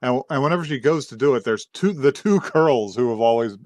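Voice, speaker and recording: A man's voice: medium pitch, animated, fairly quick, darkish tone, no room sound. Laughing man recapping an anime, dry mic. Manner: laughs often, acts out quotes, many fillers. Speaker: podcast co-host. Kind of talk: casual chat recapping an anime episode.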